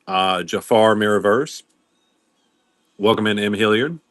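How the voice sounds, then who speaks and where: Low-voiced man hosting a live sale. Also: lively intonation, measured pace, fairly bright tone, dry recording. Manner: welcomes viewers by name while listing items. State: coughing now and then. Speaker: livestream seller host. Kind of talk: casual live sale patter.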